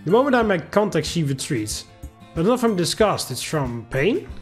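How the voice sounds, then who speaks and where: A man reading a visual novel aloud and commenting, animated, laughing often and rambling in asides. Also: a little high, normal speed, faint music behind. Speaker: gameplay commentator.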